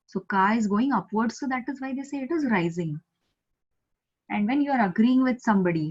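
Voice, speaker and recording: A woman from India with an Indian English accent, teaching a Japanese lesson over a video call, patiently repeating words slowly for learners. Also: fairly high pitch, lively intonation, a little mellow, breathy edge. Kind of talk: online language lesson. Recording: slightly muffled video call audio.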